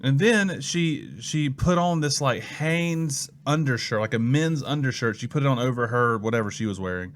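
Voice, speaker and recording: A man's voice: mid-range voice, moderate pace, hardly any pauses. Young man telling stories. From Mississippi. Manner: lively storyteller who acts out quoted people. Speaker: student pastor. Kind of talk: casual storytelling in an interview.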